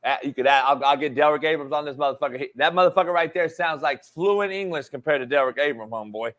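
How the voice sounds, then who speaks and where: A man's voice: fairly high pitch, fast, fairly bright tone. A man hosting a casual sports talk show, a football coach who talks bluntly and swears a lot. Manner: blunt, profane, emphatic.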